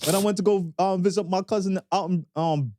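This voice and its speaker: A Canadian-accented man co-hosts a podcast, speaking briskly over a slight hiss or hum. He tells stories expressively in casual chat, dropping into low voices when quoting people.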